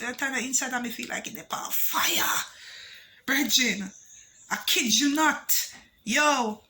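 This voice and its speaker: A woman with a Jamaican accent tells a personal story for her vlog. She slides between patois and English and leans hard on the dramatic parts. Her voice is bright and forceful, with faint ambient noise behind it. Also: mid-range voice. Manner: animated, emphatic storytelling mixing patois and English. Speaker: vlogger.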